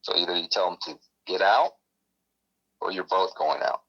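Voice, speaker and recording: A man with a rough, gravelly voice and a sharp, bright edge tells a story in a loose, rambling way, often breaking off mid-sentence. He is heard over a muffled, lo-fi phone line. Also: low-pitched, normal speed. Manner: rambling, self-interrupting. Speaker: guest, military veteran. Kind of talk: casual storytelling. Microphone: phone call.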